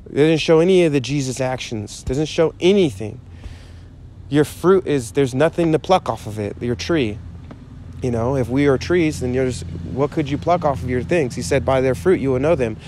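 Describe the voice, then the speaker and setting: A man preaching in a loose, conversational way, driving home his points by repeating them. His voice is mellow and dark, sitting at a middle pitch. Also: moderate pace, slight background noise. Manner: conversational, emphatic and repetitive. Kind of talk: informal sermon.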